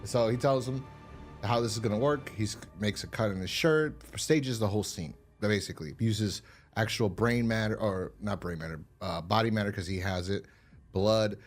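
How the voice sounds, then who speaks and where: A man hosts a podcast at a normal speed over soft background music, chatting casually and profanely as he reviews an episode. He rambles and acts out quoted lines in a higher voice.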